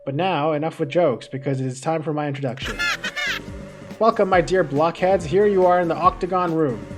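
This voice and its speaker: A woman's voice: deep voice, fairly quick, music in the background, lightly acted. A woman voicing a sneering cube villain mascot. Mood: taunting. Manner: mocking, vulgar taunts.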